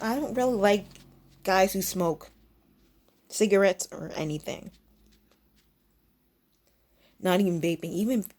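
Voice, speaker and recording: A woman's voice: vocal fry, darkish tone. A young woman vlogger telling a story in a casual, rambling way, restarting sentences and mimicking people. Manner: rambling, self-interrupting, mimics others in high squeaky bursts.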